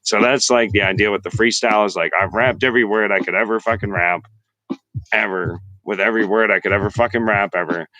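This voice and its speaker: A man's voice: on the low side, fairly even intonation, fast, pushed and bright, no room sound, poor audio. A man hosting a casual livestream, rambling and boasting in a heavily profane way while he freestyle raps. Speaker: livestream host and freestyle rapper. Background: faint hip-hop beats.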